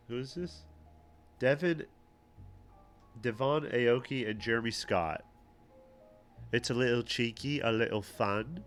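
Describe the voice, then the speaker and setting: A man's voice: medium pitch, measured pace, pauses often, clear, resonant tone, soft background music. A man co-hosting a livestream, giving offhand, mocking outfit commentary that trails off into fillers. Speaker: podcast co-host.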